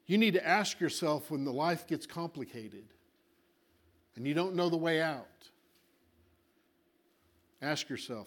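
A man preaching a sermon with animated delivery, acting out little voices and swinging between loud and quiet. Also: a little high, unhurried, long pauses.

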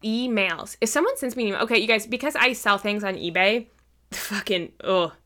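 Bright-voiced woman telling stories. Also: mid-range voice, brisk. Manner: swears freely, acts out quotes in storytelling. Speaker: podcast co-host. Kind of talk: casual chat.

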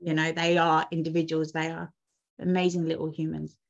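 A woman's voice: deep voice, monotone, fairly quick, vocal fry. A woman, a twin mother and doula, telling a personal story in casual conversation, emotional and full of restarts. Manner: emotional, rambling with many restarts. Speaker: podcast guest, twin mum and doula. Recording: dull lo-fi audio.

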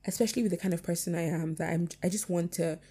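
A woman's voice: lowish voice, steady tone, quick pace, warm tone, slightly rough. A young woman talking candidly about personal loss to her audience, reflective, with many fillers, her voice cracking near tears. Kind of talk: casual personal talk to camera.

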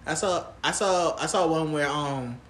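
A man's voice: on the high side, unhurried, fairly bright tone. A man co-hosting a podcast, chatting casually about TV shows in slang, laughing often. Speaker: podcast co-host.

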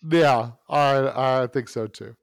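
A man telling a personal story in casual chat, animated, with many fillers and restarts. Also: mid-range voice, takes it slowly, vocal fry, dry recording, clean studio sound.

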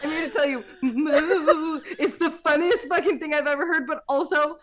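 A woman co-hosting a podcast, reacting in casual chat with loud exclamations. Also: high voice, steady tone, normal speed. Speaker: podcast co-host.

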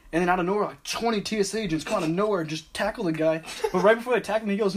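A man's voice: sits high, rapid-fire, a little hiss or hum. A young man in casual chat, telling a story in a laid-back way, swearing and laughing often.

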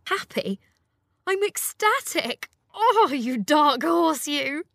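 A woman's voice: high voice, big pitch swings, slow pace, creaky, dry recording, full character voice. A woman playing a playful young bride. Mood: affectionate. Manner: teasing, warm with laughter. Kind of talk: audio drama acting.

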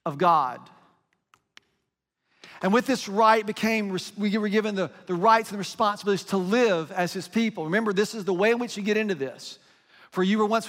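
A man's voice: sits high, a bit bright, in a large hall. A man preaching a sermon as pastor, in a conversational style, reading scripture aloud.

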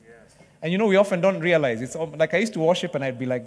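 A man preaching a sermon in a conversational way, joking with the congregation and bursting into excited cheering. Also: fairly high pitch, fast, big-room sound.

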